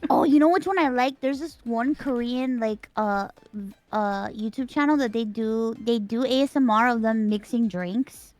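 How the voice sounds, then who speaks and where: A woman's voice: on the high side, a little mellow. A young woman guesting on a stream, chatting casually and gushing with enthusiasm. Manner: enthusiastic, quick to gush. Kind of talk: casual group chat.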